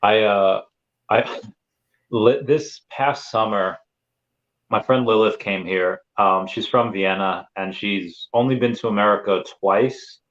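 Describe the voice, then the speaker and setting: Rambling man with a low voice. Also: takes it slowly, a bit bright. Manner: rambling storyteller, many fillers. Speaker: podcast host. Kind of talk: casual chat. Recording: muffled lo-fi sound.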